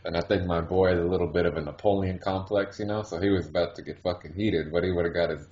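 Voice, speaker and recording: Deep-voiced man telling crude stories. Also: steady tone, fast talker, darkish tone, roomy sound. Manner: crude, swears constantly, laughs while telling stories. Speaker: podcast co-host. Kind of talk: casual storytelling chat. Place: hot-climate country, not the US. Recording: dull lo-fi audio.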